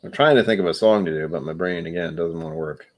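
A man's voice: deep voice, quick pace. A man hosting a casual livestream, a bit tipsy from whiskey, rambling with loose, self-mocking jokey asides. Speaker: livestream host.

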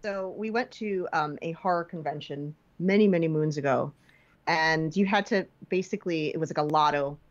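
A woman guest on a casual podcast, telling an animated story and acting out the quotes. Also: normal speed. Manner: animated storyteller, acts out quotes with high pitch jumps. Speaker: guest filmmaker. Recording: slightly dull lo-fi podcast audio.

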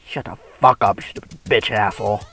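A man commentating gameplay with a friend, crude and trash-talking, swearing and yelling often. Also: lowish voice, steady tone, moderate pace, creaky. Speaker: gamer co-host.

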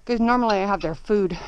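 A woman's voice: mid-range voice, muffled recording. A woman vlogging her morning farm chores, out of breath as she works, cooing to her animals in a baby voice, recorded outdoors on a handheld camera. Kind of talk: casual vlog narration. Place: outdoors on a muddy farm with horses. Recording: clear background noise outdoors.

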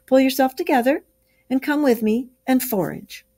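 A woman voicing a brisk, cheerful male water rat who cheers up and bosses his friend, in a storybook read-aloud. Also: sits high, darkish tone, pitched above the performer's own voice. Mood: cheery. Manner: hearty, encouraging, bossy.

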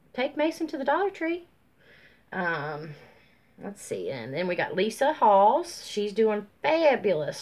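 Slow rambling woman with a drawl. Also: gravelly. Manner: rambling, warm and folksy, many ums; high sing-song baby talk to her dog. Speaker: YouTube vlogger. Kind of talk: casual chatty shout-outs to viewers. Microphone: phone.

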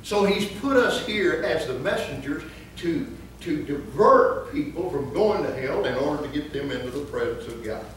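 Pastor guy with a high voice, jokey stories then loud preaching, booming church echo, faint background hum. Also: expressive, moderate pace, few pauses. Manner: humorous storytelling that rises into emphatic preaching. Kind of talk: sermon. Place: church sanctuary. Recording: echoey church from far off.

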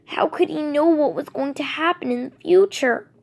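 A woman voicing an old golden tabby tomcat, once noble, speaking calmly and steadily. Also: high voice, normal speed, creaky, voice pushed up. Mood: earnest.

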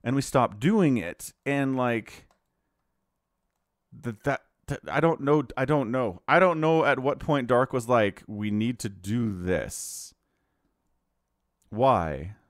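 A man doing video game commentary, animated and incredulous, laughing often and turning sarcastic. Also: mid-range voice, takes it slowly, dry recording, clean studio sound. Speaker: game caster.

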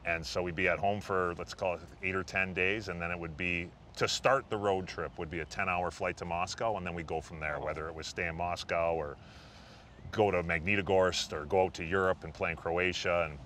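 A middle-aged man, a retired hockey player as an interview guest, telling relaxed, self-deprecating stories with lots of fillers. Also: low voice, brisk, a little hiss or hum. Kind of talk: casual interview storytelling.

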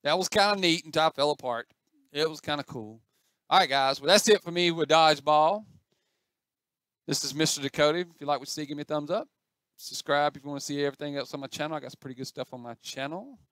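A man's voice: a little high, fast talker, fairly bright tone, clean tone, no echo, studio quality. A man giving chatty, self-mocking commentary as he plays an online game, talking to the other players on screen. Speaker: gaming channel host. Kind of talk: casual gameplay commentary.

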